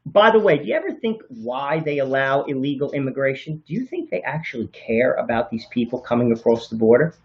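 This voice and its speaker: A man's voice: medium pitch, animated, a little fast, few pauses. A man co-hosting a political talk show, speaking earnestly and sometimes stumbling and correcting himself mid-sentence. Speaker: co-host. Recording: slightly dull lo-fi sound.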